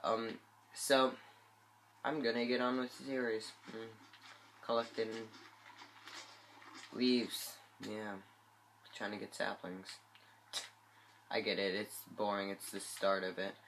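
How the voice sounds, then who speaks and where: Congested and ill, a man hosting a gameplay channel talks slowly into his phone, his fairly low voice level, fairly bright and touched with vocal fry. Long pauses and plenty of fillers mark his rambling, hesitant commentary. There's guitar music behind him and a little hiss or hum.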